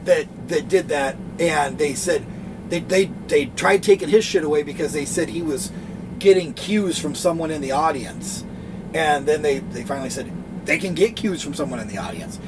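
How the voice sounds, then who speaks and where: Man, podcast co-host, casual profane rambling, slightly high voice, faint background hiss. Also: normal speed. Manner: profane, rambling storyteller who acts out quotes. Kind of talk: casual chat.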